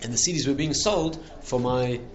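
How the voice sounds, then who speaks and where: A rabbi gives a conversational lecture full of animated anecdotes, laughing at his own punchlines. His voice is mid-range and he speaks at a moderate pace.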